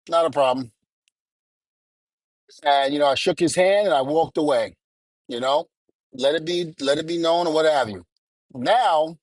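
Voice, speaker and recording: A middle-aged man rants his way through a story, blunt and cursing as he plays out each exchange. His voice sits a little high for a man. The sound is dry and close. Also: dry recording. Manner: angry, blunt, curses, quotes people. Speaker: podcast co-host. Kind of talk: heated storytelling rant.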